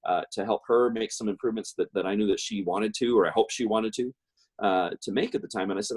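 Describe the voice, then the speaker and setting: Husky man telling a personal story. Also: lowish voice, quick pace, darkish tone. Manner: rambling, many fillers and restarts. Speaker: guest speaker.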